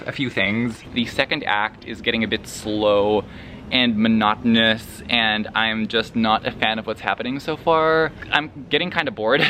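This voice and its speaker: A man chatting casually in a reading vlog, animated and profane, with campy humor. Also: mid-range voice, slight background noise. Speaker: book vlogger. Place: indoors at home, later outdoors.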